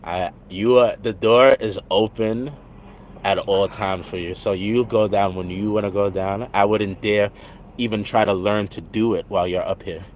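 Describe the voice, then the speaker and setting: A man's voice: lowish voice, steady tone, normal speed, a little hiss or hum. A man with a New York accent chatting earnestly on a livestream while walking city streets. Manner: earnest, talkative, easy laughs. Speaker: livestream host. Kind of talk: casual livestream chat.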